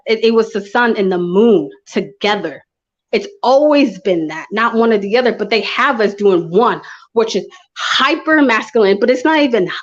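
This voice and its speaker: Passionate woman on a lo-fi call. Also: mid-range voice. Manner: passionate, storytelling, frequent restarts. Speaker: guest speaker. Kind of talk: casual conversation. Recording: dull lo-fi audio.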